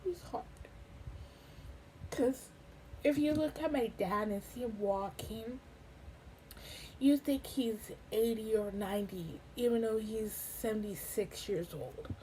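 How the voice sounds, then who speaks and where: Slow, halting woman vlogger. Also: fairly high pitch, mellow, a little hiss or hum, rough recording. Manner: halting, many ums, gets emotional. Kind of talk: casual personal update. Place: home in a hot desert town.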